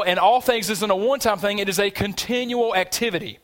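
A pastor preaches a sermon in a church sanctuary, his voice sitting high and moving quickly with few pauses. He's conversational and emphatic, pulling the congregation in with questions.

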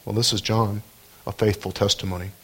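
A man preaching a sermon as pastor of his church, earnest and measured. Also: fairly low pitch, flat delivery, slightly rough.

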